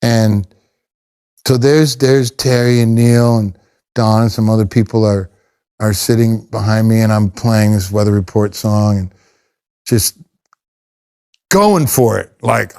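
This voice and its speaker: A middle-aged man, a professional drummer, telling casual anecdotes in an interview, rambling and animated with frequent restarts. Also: mid-range voice, clean tone.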